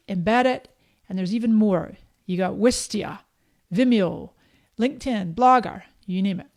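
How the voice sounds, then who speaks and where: A woman in her fifties from Canada with a Scottish accent, hosting a live-streamed software tutorial in a chatty, upbeat way and talking straight to her viewers. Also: a little high. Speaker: host of a live social media training.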